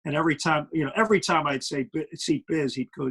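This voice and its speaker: Middle-aged Brooklyn guy, gravelly and a bit high, easygoing rambling guest analyst. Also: fast, a bit bright, rough recording. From Brooklyn, New York. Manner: rambling with many fillers. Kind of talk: casual interview.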